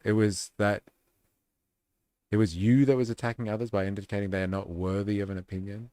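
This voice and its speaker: A man's voice: lowish voice, little pitch movement, a little fast, mellow, no room sound. A man hosting a live stream, reading comments and policies aloud with sarcastic, muttered asides.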